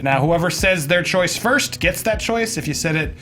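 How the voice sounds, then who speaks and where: A man's voice: high-pitched, expressive, normal speed, fairly bright tone. Upbeat male host with music behind. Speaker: host and judge of a debate show. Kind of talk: casual panel banter, explaining game rules.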